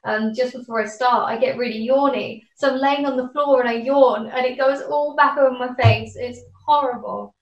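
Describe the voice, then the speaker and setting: A woman's voice: high voice, fairly even intonation, normal speed, hardly any pauses, dull audio. A woman guest chatting and telling an embarrassing anecdote, amused at herself. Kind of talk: casual anecdote. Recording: roomy, distant from the mic.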